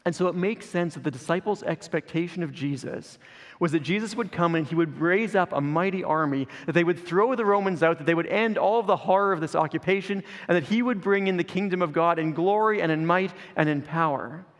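A man's voice: sits high, brisk, long reverb tail. A man preaching a sermon as pastor, earnest and building through repeated phrases.

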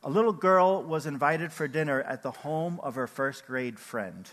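A man's voice: a little high, normal speed, long reverb tail. An older man giving a conversational sermon as a pastor, asking his listeners questions. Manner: animated, conversational, asks the audience questions.

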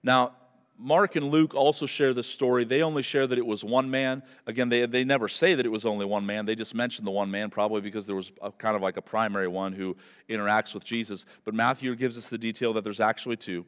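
A man preaching an expository sermon, telling the story with animated, emphatic delivery that builds to loud peaks. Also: lowish voice, fast talker, smooth. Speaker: pastor. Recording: long hall reverb.

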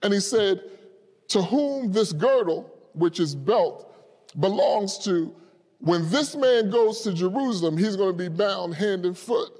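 Man preaching slow n fired up, real high voice, big echoey church. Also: lively intonation. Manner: impassioned preaching, rising to shouts at climaxes. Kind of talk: sermon. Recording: long hall reverb.

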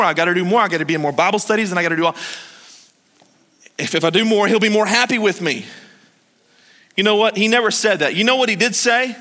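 A male pastor preaching a lively, joking sermon and chuckling at his own points. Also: sits high. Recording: long hall reverb.

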